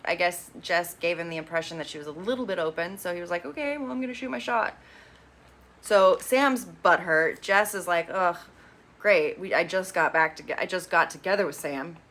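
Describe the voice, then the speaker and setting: A woman with a lowish, bright, forceful voice casually recaps a reality show, tossing in sassy, opinionated asides and quick quoted impressions.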